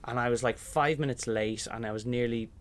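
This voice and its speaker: A young Irish man in musical theatre speaks fairly quickly at medium pitch, with a slight hiss or hum behind him. During a casual interview he recounts anecdotes animatedly, voicing the characters himself.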